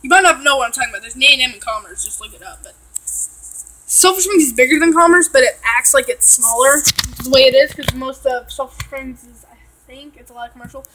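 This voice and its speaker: A woman's voice: high voice, a little fast, sharp tone, rough recording. A woman from Texas, chatting casually and ranting with lots of swearing and filler words while reacting to a video.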